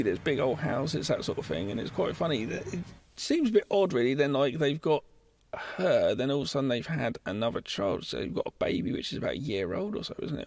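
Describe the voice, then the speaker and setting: A man's voice: a little high, vocal fry, breathy edge, dry recording. A man co-hosting a podcast, chatting casually and jokily about films, swearing a lot. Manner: sweary, excitable, jokey. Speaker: podcast co-host. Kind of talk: casual film chat.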